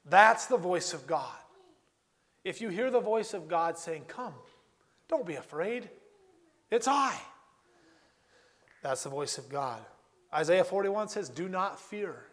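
A man preaching a sermon, earnest and repetitive, slowing down and repeating key phrases for emphasis. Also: fairly high pitch, expressive, a bit bright.

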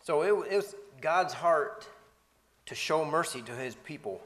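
A man reading Bible passages aloud and commenting on them, with halting restarts. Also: fairly high pitch, lively intonation, a bit bright, in a large hall.

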